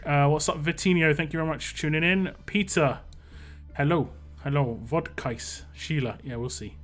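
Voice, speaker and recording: A young man live-streaming a mobile game, chatting casually, greeting viewers by name and getting excitable over lucky rolls. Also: fairly high pitch, moderate pace, faint music behind. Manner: excitable when hoping for lucky results. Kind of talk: live-stream gameplay chat.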